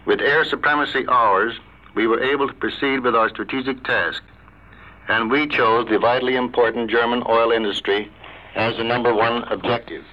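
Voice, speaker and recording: A male air force commander delivers a prepared statement in a formal, deliberately paced and somewhat stiff manner, at an ordinary middle pitch. The broadcast has a muffled, lo-fi quality typical of a 1940s radio relay. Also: fairly even intonation.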